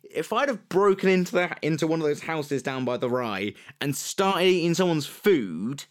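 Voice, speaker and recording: A young man chats loosely on a podcast, rambling and swearing as he goes. His voice sits a little high. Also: lively intonation, moderate pace. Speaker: podcast co-host. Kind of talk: casual chat.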